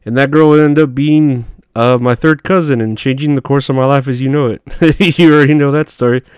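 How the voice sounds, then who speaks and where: A man's voice: mid-range voice, fairly even intonation, fairly quick, darkish tone, clean tone, no echo, studio quality. A man telling rambling, profane work stories in a casual monologue, often laughing at himself. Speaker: podcast host.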